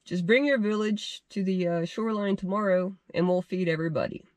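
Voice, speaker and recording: A man voicing a big, wise male bass fish who makes measured, solemn offers in a told fishing tale. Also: no room sound, close to an everyday voice.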